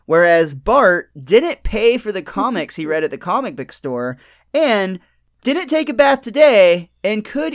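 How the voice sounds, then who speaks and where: High, smooth-voiced male podcast host. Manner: lively storyteller, retelling scenes. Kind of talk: casual recap chat.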